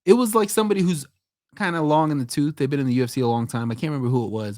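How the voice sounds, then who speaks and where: Male podcast co-host, animated and profane, dry close-mic sound. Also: fairly high pitch, rapid-fire, no echo. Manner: animated, swearing, does mock voices when quoting. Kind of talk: casual chat.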